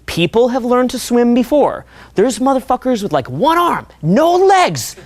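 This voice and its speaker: A young man coaching a seminar audience in a profane, animated way, often acting out voices. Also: very high-pitched, measured pace, no echo. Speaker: dating coach. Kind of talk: seminar talk.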